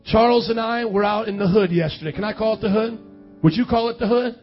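A man with a high voice preaches a sermon, rising into impassioned calls and questions that ask the congregation to answer back. The audio is dull and lo-fi, with faint music underneath. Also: fast. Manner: impassioned preaching with call-and-response. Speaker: pastor. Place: church hall.

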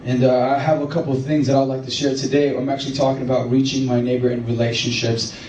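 A man preaching a sermon as pastor, telling stories in an animated way and rising to excited emphasis. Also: medium pitch, quick pace, slight background noise. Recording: echoey room from far off.

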